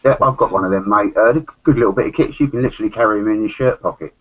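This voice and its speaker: A man's voice: on the low side, racing. A man with a Cockney accent chatting casually on a podcast, rambling with loose asides. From London. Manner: chatty, rambling, swears and laughs often. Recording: dull lo-fi audio.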